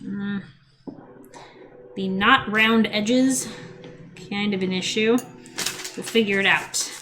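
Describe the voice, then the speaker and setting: A woman's voice: medium pitch, takes it slowly, very noisy. A woman baking in her home kitchen, chatting casually and mocking herself, sometimes muttering to herself as she works. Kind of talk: casual cooking vlog.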